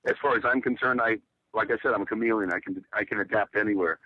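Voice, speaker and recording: Lowish voiced guy guesting on a podcast, laid-back rambling stories, audio a bit muffled. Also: fast, dry recording. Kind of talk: casual interview chat.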